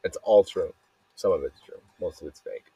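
A young man from Arizona, slightly hoarse from yelling, talking alone in a rambling, restless, jokey way, with many restarts. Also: sits low, normal speed, no echo. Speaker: podcast host. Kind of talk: rambling solo voice memo.

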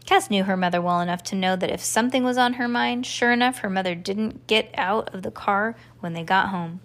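A woman reading a children's storybook aloud to a child, with a calm storytelling cadence. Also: medium pitch, fairly quick. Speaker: reader to a child.

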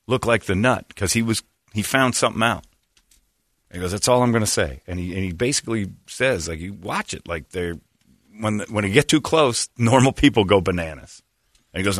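This male podcast host has a fairly low-pitched voice, recorded clean in the studio without any room sound. Chatting casually, he tells his stories with energy and acts out what people said.

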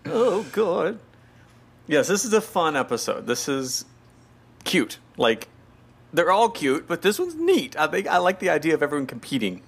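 Man, podcast co-host, casual chat, playful asides, lively pitch. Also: moderate pace, vocal fry, slightly rough. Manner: playful, giggly, full of asides and fillers.

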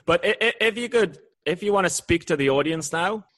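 A man's voice: sits high, animated, brisk, a bit bright. A man co-hosting an interview in a playful, joking way. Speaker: co-host. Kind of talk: casual interview chat.

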